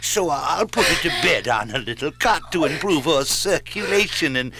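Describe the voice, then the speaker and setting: A man's voice: on the high side, animated, normal speed, over music. An actor playing a depraved male libertine who giggles and gloats in a 1960s spoken-word drama recording. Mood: gleeful.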